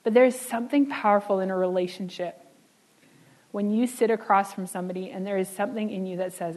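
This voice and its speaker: A woman preaching a sermon in an earnest way, slowing down and dropping soft on key words. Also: mid-range voice, steady tone, poor audio.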